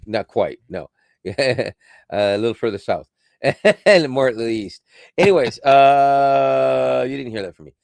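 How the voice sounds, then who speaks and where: A man's voice: mid-range voice, unhurried, creaky, a little mellow, no echo. A man co-hosting a podcast, chatting casually in a rambling way with frequent restarts and laughs. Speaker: podcast co-host. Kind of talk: casual chat.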